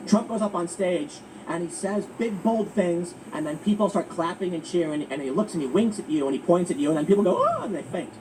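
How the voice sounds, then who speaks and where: A man hosting political commentary, talking in an emphatic, animated way with frequent restarts. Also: a little high. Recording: distant mic with faint ambient noise.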